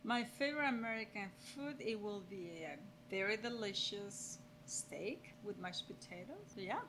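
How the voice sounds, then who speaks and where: Bright-voiced woman. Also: mid-range voice, moderate pace, a little hiss or hum, low-quality recording. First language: Spanish. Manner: laughing, repeats words, animated. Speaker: podcast guest, host's mother. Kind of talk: casual chat.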